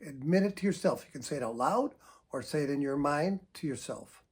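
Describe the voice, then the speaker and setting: An older man, a psychotherapist, giving earnest, emphatic advice straight to camera and showing how to sigh out deep breaths. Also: animated, fairly quick, darkish tone, breathy edge. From United States. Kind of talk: direct-to-camera advice talk.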